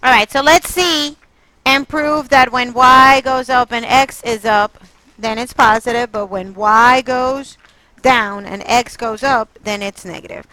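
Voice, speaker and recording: A woman's voice: fairly high pitch, steady tone, a little slow, sharp tone, poor audio. A woman math teacher leading a classroom lesson, quizzing her students and coaxing answers out of them. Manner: coaxing, quizzing students, exasperated then apologetic.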